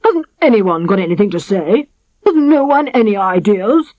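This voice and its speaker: A woman voicing a blustering, quick-tempered king in a storybook reading, with slow, booming, indignant delivery. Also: sing-song, no echo, natural voice. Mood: exasperated. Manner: booming, drawn-out indignant speech. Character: blustering cross middle-aged king. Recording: dry, slightly dull studio recording.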